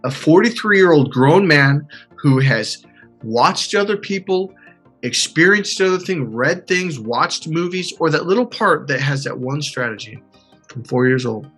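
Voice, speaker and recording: A man coaching a client in an animated way, acting out quotes and swearing casually. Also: a little high, unhurried, slightly rough, soft background music. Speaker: life coach. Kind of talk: coaching session.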